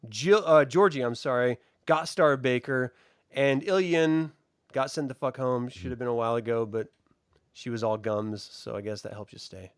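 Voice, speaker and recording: A middle-aged man in casual podcast chat, telling stories in a profane, animated way with frequent laughs. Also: mid-range voice, normal speed, clean tone, no echo, studio quality. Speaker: co-host reviewing a baking show.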